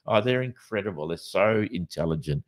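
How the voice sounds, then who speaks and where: A man's voice: low voice, brisk. An Australian man co-hosting a podcast, chatting casually and telling rambling stories full of restarts. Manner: rambling, animated storyteller with many restarts. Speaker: podcast co-host. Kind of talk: casual chat. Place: Western Australia.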